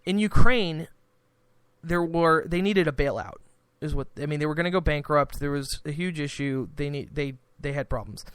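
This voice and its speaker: A man's voice: on the high side, fairly even intonation, fairly quick, few pauses, a bit bright, clear, resonant tone, dry recording. A man hosting a podcast, rambling through casual political commentary with frequent restarts. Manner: rambling, restarts, acts out quoted exchanges. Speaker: podcast host.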